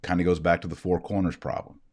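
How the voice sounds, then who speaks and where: A man with a notably low voice lectures on scripture from his desk. He explains in an easygoing, conversational way, posing rhetorical questions and then answering them. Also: flat delivery, quick pace, a little mellow. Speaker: Bible teacher. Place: indoors, seated at a desk with a shared screen.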